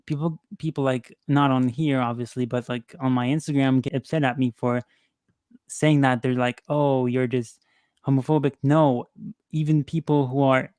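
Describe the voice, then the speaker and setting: A man appearing as a guest on a stream chat, calmly explaining his criticism in a measured way. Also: mid-range voice, clear, resonant tone, dry recording. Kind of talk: casual chat.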